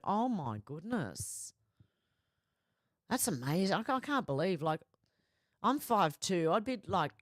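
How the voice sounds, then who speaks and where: A woman's voice: on the low side, no room sound, studio quality. An Australian woman hosting a livestream in a casual, chatty way, reading viewer comments aloud and reacting to them. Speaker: livestream host reading chat. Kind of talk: casual chat.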